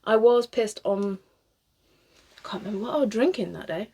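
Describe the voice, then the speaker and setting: A husky-voiced British woman in her thirties talks while she works on a wig, wandering from thought to thought. She laughs often and swears freely. Her pitch sits in an ordinary middle range. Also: normal speed, darkish tone. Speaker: cosplayer. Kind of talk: casual chat while styling a wig.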